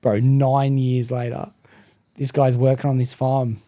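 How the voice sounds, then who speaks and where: Mellow-voiced man telling a story. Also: mid-range voice, a little slow, no echo. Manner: profane, animated storyteller, slangy. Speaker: podcast host. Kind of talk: casual chat, storytelling.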